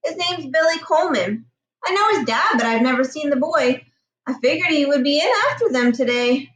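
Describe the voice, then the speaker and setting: A kindly, folksy storybook station master, easygoing and chuckling, as a woman reads him in her own high voice. The sound is roomy with a lot of echo, and the mic sits a little way off. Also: expressive, moderate pace, recorded from a distance. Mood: friendly. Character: friendly middle-aged male station master.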